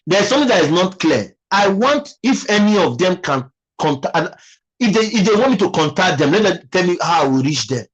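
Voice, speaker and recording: A man's voice: high voice, sing-song, brisk, husky, low-quality recording. A man with a Nigerian accent hosting a casual live stream, musing aloud and thanking viewers by name.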